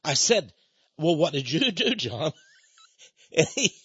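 Husky, lively-voiced male preacher. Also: fairly high pitch, slow, no room sound, dull audio. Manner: animated, chuckles between points, asks listeners questions. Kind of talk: sermon storytelling.

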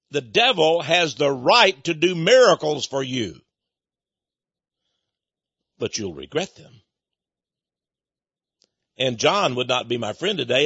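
A man preaching a sermon as a story, animated and chuckling between points, asking his listeners questions. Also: mid-range voice, slightly rough, no echo, lo-fi sound.

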